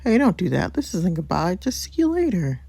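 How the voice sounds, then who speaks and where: A woman's voice: on the low side, very animated, brisk, gravelly, warm tone, husky, no echo, voice pushed up, heavily acted. A woman voicing a teasing, loyal male best friend in a read-aloud story game, snappy delivery.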